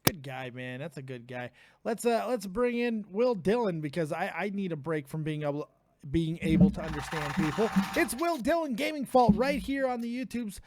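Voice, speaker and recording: A man's voice: high voice, lively intonation, moderate pace, darkish tone. A man hosting a live call-in stream, chatting casually, laughing often and swearing freely. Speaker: livestream host taking calls.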